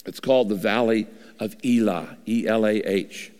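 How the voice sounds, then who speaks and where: A male pastor preaching a sermon, shifting his pitch and pausing dramatically for emphasis in a large church. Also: darkish tone. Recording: long hall reverb.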